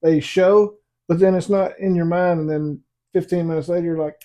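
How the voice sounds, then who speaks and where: Mellow-voiced man in laid-back chat. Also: high-pitched, steady tone, moderate pace. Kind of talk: casual chat.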